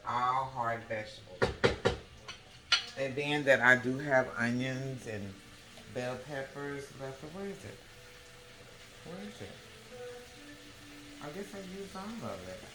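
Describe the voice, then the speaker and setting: A woman hosting a casual home cooking demonstration, talking the viewer through each step and checking in with a quick "okay?" again and again. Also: rumbling low, lively intonation, heavy background noise. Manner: chatty, keeps checking in with the viewer by asking "okay?". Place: home kitchen. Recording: echoey kitchen with background music.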